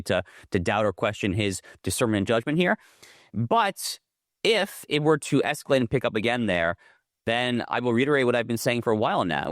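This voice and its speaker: Emphatic lower-voiced man arguing a point. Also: no echo, clean studio sound. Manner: emphatic, fluent argument with frequent self-repeats. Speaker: guest, lawyer and commentator. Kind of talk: political interview.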